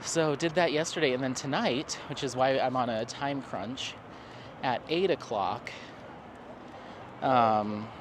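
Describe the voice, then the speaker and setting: A craft vlogger from Colorado, USA, chats casually while walking his dog outdoors on an evening walk near water, rambling and laughing often. His medium-pitched voice moves slowly, with long pauses. The recording is clear, with outdoor street noise, traffic, and town ambience in the background.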